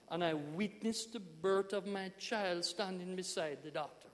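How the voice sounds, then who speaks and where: Jamaican male pastor, animated sermon storyteller, high voice, big hall echo. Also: measured pace, hardly any pauses. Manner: animated storytelling, emphatic swings in loudness.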